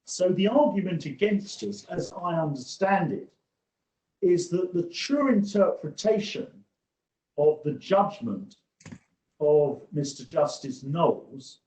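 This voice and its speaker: A male barrister making formal courtroom submissions over a video call, measured and hesitant, pausing often on "uh". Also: high voice, lively intonation, a little mellow. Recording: echoey room over video link.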